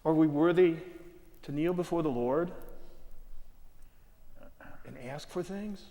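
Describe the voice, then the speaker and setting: A man's voice: fairly high pitch, takes it slowly, dark tone. A man who is a bishop, hosting a panel conversation, asking questions in a folksy, reflective way. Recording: long hall reverb.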